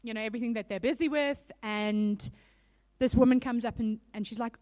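A woman giving a sermon in a casual, animated storytelling manner. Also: fairly high pitch, a little fast. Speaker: speaker. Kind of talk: conversational sermon.

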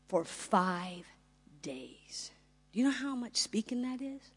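A middle-aged woman giving a fervent sermon-style testimony, building to loud rising climaxes and acting out dialogue. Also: mid-range voice, expressive, slow pace, husky. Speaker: ministry founder and speaker. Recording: long hall reverb.

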